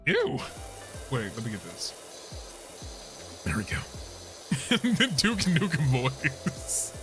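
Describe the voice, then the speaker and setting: A young man chatting casually while streaming a game, excitable and profane, laughing often and bursting into shouts. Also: mid-range voice, drawn-out words. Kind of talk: casual gameplay stream chat. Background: game music.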